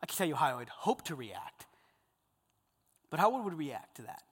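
Bright-voiced pastor preaching in a hall. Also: male voice, a little high, normal speed, breathy edge. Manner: animated, swinging from loud emphasis to hushed intensity. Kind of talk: sermon.

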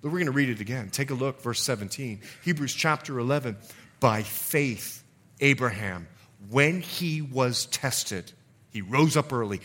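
A male pastor preaching a sermon, reading scripture aloud and commenting between verses, his voice climbing high on the key lines. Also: lively intonation, measured pace, a bit bright.

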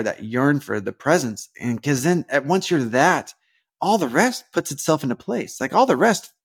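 Gravelly earnest man in devotional talk. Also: medium pitch. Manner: rambling and earnest, many fillers and restarts, bursts of animated emphasis. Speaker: podcast host. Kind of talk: casual devotional podcast talk.

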